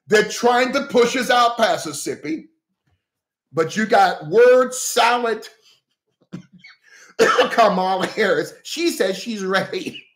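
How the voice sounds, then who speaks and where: A man hosting a heated political livestream, animated and breaking into shouts, thanking viewers for gifts. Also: sits high. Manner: animated, breaks into shouts, repeats okay, coughs. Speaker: livestream host addressing viewers as pastors. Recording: echoey room.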